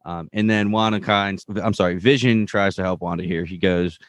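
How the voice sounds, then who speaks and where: A man's voice: sits low, normal speed, no room sound. A man co-hosting a podcast, casually recapping a TV episode and loosely paraphrasing the characters' lines. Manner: relaxed, retells scenes with loose paraphrased quotes. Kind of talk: casual chat.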